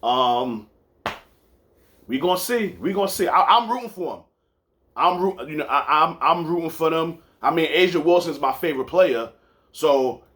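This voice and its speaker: A man's voice: on the high side, fairly bright tone. A man hosting a casual sports podcast, telling stories loosely with repeats and some swearing. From New York. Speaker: podcast host.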